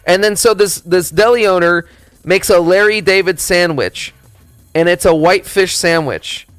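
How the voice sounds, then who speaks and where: A man streaming, chatting casually in a rambling, profane, animated storytelling way. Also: high-pitched, measured pace, smooth, no room sound, soft background music.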